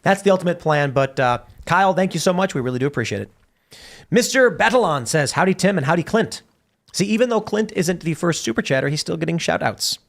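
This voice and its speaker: A man's voice: on the high side, animated, quick pace, gravelly, a bit bright. A man hosting a talk show, reading viewer messages aloud and rambling through a long story. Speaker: podcast host. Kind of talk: casual talk-show banter.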